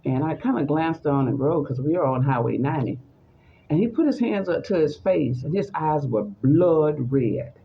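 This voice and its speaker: Gravelly-voiced woman telling a story. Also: low-pitched, muffled recording, a little hiss or hum. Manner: animated, acts out the voices in her story. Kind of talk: personal story told in conversation.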